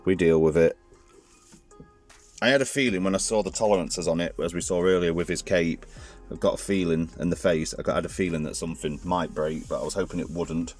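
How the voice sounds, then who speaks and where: Deep-voiced man, chatty and rambling. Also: steady tone, a little fast, soft background music. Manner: chatty, rambling, self-correcting. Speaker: toy reviewer. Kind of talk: casual hands-on review.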